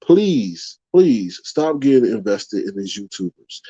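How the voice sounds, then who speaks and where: Casual animated man, dull dry stream audio. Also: medium pitch, slow, husky, no room sound. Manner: casual, animated, addresses viewers as "y'all". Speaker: YouTube livestream host. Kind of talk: live commentary, reading out chat.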